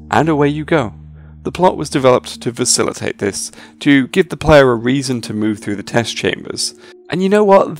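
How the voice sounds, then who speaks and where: A man narrating a scripted video essay about games, with dry, sarcastic humor. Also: mid-range voice.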